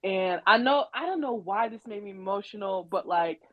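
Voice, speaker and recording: A woman from Haiti talking in a casual chat, lively and emphatic with slang. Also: medium pitch, moderate pace, dry recording. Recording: dull lo-fi sound.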